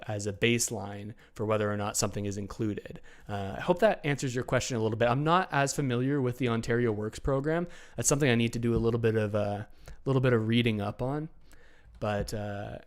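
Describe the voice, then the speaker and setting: A man hosts a relaxed livestream Q&A from his computer and answers viewers as he goes. He thinks aloud, breaks off and restarts his sentences, and fills the gaps with "uh" and "um". His voice sits in a middle pitch. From Canada. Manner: chatty, thinking aloud with many fillers and restarts. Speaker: channel host answering viewer questions. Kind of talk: casual livestream Q&A.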